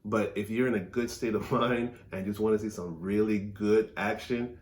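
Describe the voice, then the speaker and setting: A man co-hosting a casual movie review, speaking in a measured, thoughtful way with hesitant restarts. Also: on the low side, steady tone. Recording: echoey room.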